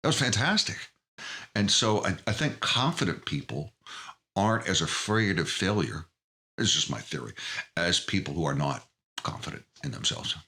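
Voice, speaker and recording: A middle-aged man with a very low, forceful voice, answering interview questions with earnest openness. He talks in halting bursts, often restarting his sentences. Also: sing-song, vocal fry. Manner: earnest, emotionally open, halting. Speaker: podcast guest. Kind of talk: candid interview conversation.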